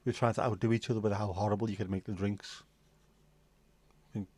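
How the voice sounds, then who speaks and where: Laid-back low-voiced man in his 50s. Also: little pitch movement, a little fast, pauses often, warm tone, slightly rough, no room sound. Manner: laid-back banter with swearing and dry jokes. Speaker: livestream host. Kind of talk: casual chat.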